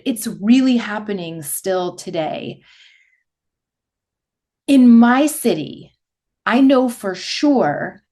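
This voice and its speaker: A woman's voice: mid-range voice, a little mellow. Chatty, candid woman podcast host. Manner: chatty, candid, laughs easily. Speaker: fitness instructor trainer. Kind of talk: casual monologue.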